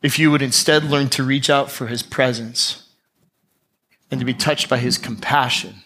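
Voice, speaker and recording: A man's voice: medium pitch, fairly even intonation, normal speed, sharp tone. A man preaching a sermon, telling a Bible story with drama and acting out the scenes. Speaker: pastor.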